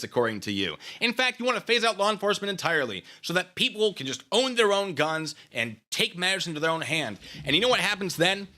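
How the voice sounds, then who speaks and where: Sarcastic guy ranting on his channel, bright voice, pitch bouncing all over. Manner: taunting, sarcastic, goading. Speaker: channel host. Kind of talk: ranting commentary to camera.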